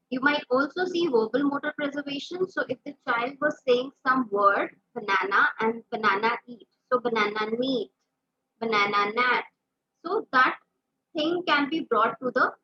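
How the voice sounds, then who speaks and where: Speaking in a high, bright, forceful voice with some roughness, an Indian English–accented speech therapist teaches about a speech disorder through examples, filling her talk with fillers. The recording's upper frequencies are cut off.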